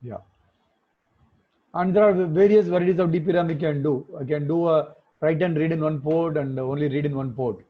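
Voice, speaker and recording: Guy teaching a class online, husky voice, tinny phone-like audio, keeps asking "right?". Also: a little high, normal speed. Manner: explanatory, frequent tag questions. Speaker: instructor. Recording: phone-like muffled call audio.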